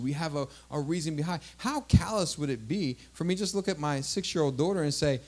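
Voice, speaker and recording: A man's voice: a little high, lively intonation, brisk, few pauses, darkish tone. A man in his thirties, a pastor preaching a sermon emphatically, calling out to the congregation and drawing out key words.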